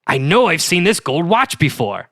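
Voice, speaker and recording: A man voicing an obsessive FBI profiler with a put-on Boston accent, blurting out excited deductions. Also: fairly high pitch, moderate pace, dry recording, clean studio sound, pitched above the performer's own voice. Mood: manic.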